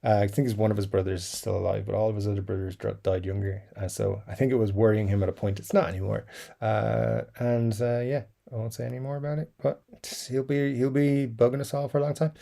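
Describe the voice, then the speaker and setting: A man's voice: lowish voice, level tone, fast, gravelly, warm tone. A man hosting a casual livestream, reading viewer comments aloud and rambling between them with lots of fillers and chuckles. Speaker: livestream host reading chat. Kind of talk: casual live-stream chat.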